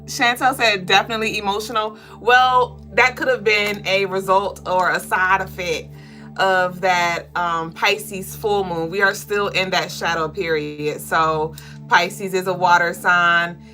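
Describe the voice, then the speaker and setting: A woman hosting a casual spiritual reading livestream, excitable and profane, greeting viewers and reading their comments aloud. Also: medium pitch, unhurried, faint music behind.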